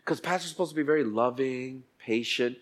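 A male pastor preaching a sermon in church. He swings between hushed, slow lines and loud outbursts, and acts out quoted voices. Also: medium pitch.

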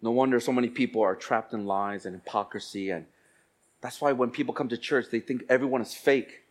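During a church sermon, a male pastor of medium pitch veers between soft, slow lines and loud outbursts. He also impersonates the voices he quotes.

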